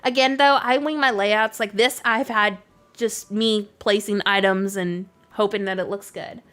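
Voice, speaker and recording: A woman's voice: mid-range voice, fairly even intonation, measured pace, fairly bright tone. A young-sounding woman from Canada with an accent mixing Canadian and Southern American, chatting casually on a live stream and answering her chat, with lots of "like" fillers. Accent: Canadian mixed with American Southern. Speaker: game streamer.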